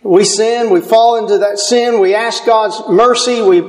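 A man's voice: high-pitched, fairly even intonation, unhurried. A man preaching a sermon, earnest and emphatic, putting questions to his listeners.

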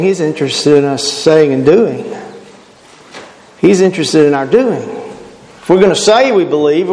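Emphatic high-voiced preacher in echoey hall. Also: male voice, a little mellow. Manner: emphatic, repeats phrases for effect. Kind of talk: sermon. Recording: echoey hall with faint noise.

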